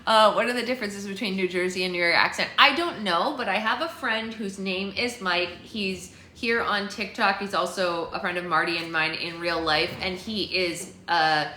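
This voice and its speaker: A woman hosting a book club livestream in casual chat, playful and quick to laugh, recorded in a room at home. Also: mid-range voice, pushed and bright. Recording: echoey room with faint noise.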